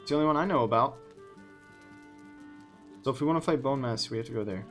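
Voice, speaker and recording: A man's voice: mid-range voice, quick pace, fairly bright tone, soft background music. A man hosting a gaming livestream, chatting casually and joking around with a friend. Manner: joking, playful. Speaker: livestream host.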